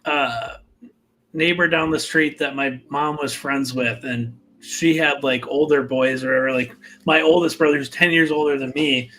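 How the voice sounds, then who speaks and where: A man's voice: medium pitch, steady tone, moderate pace, fairly bright tone, a little hiss or hum. A man hosting a live fragrance chat, talking in a rambling, laid-back way full of fillers. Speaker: fragrance channel host.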